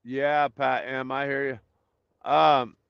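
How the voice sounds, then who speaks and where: A man's voice: medium pitch, level tone, slow pace, gravelly, clean tone, no room sound, lo-fi sound. Man greeting live stream viewers. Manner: greets viewers by name, rambling with fillers. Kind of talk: casual chat reading viewer comments.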